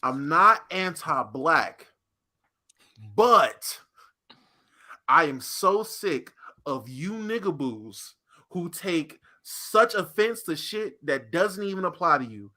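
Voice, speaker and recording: A man's voice: on the high side, very animated, slow pace, pushed and bright. A man co-hosting a podcast, ranting emphatically and swearing often in casual chat. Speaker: podcast co-host.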